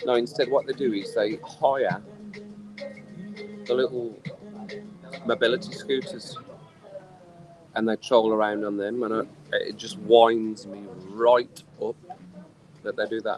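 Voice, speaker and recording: A tipsy man rants with animated exasperation on a casual live stream from an outdoor poolside bar, music clearly audible behind him. His voice is fairly low and a little slow, broken by long pauses. The recording quality is poor.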